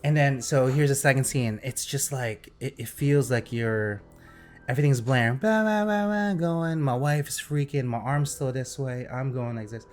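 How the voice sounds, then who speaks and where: A young man in casual podcast chat, telling a story in an animated, excitable way and acting out sound effects. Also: mid-range voice, moderate pace, faint music behind. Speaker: podcast host.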